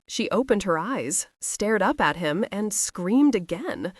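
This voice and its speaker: A woman narrating a romance audiobook in an expressive, intimate storytelling voice. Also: medium pitch, slow pace, few pauses, dry recording, clean studio sound.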